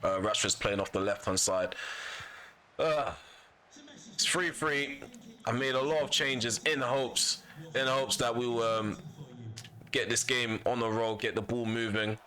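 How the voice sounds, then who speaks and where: A man's voice: medium pitch, unhurried, pauses often, bright, forceful tone. A man commentating casually on his own football video game, venting and repeating himself when annoyed. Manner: frustrated, vents and repeats himself. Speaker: gaming YouTuber.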